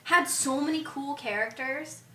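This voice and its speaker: A woman co-hosting a podcast, chatting casually about a movie in an animated way, swearing freely and acting out characters. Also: high voice, unhurried, echoey room, far from the mic, a little hiss or hum. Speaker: podcast co-host.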